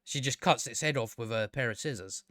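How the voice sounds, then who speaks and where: A man's voice: medium pitch, brisk, fairly bright tone, dry recording. Sweary man ranting, dry sound. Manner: sweary, exasperated, stammering restarts. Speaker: show reviewer. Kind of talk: casual ranting review commentary.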